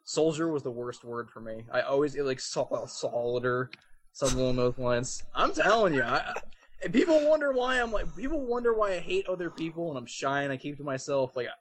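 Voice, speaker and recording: A young man with a New Jersey accent rambles through a casual podcast chat, stumbling over words because of a slight speech impediment. He is on cold medicine, and his talk is loose, halting and full of fillers and swearing. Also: on the high side, lively intonation, slight background noise. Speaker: podcast co-host.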